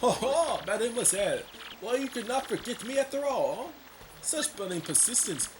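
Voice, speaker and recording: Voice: medium pitch, lively intonation, normal speed, pitched above the performer's own voice, natural voice. A man voicing a sleazy, flirtatious male charmer with a put-on French accent, over game music. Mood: flirting. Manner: smarmy, theatrical. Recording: game music playing behind.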